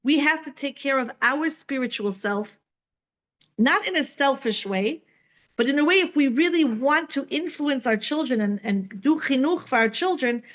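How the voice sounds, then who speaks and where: A woman's voice: sits high, fairly bright tone, low-quality recording. A middle-aged woman teaching a Torah class online from home, chatty and full of "right?" asides. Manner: conversational, many fillers and "right?" asides.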